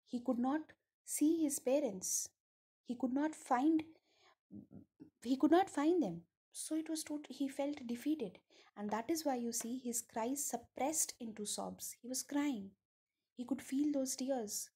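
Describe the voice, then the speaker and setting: A woman's voice: on the high side, mellow, husky. A woman teacher, reading a story line by line and explaining it with rhetorical questions. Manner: reads a line then paraphrases it, asking rhetorical questions. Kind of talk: explaining a story text to students.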